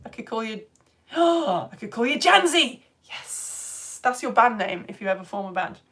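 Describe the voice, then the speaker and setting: A middle-aged woman from the UK with a cough and cold, chatting casually as she hosts a live children's science show and reads out viewer comments, giggly and at times dropping to soft asides. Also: fairly high pitch, big pitch swings, a little slow. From United Kingdom. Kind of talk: casual live-stream chat reading comments. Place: at home on the sofa.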